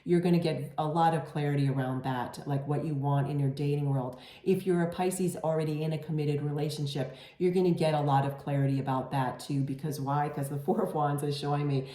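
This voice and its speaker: A woman with a low, mellow voice gives a gentle tarot reading straight to camera. She talks in a reassuring, unhurried way, full of ums and restarts. The room around her sounds echoey. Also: steady tone. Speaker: tarot reader.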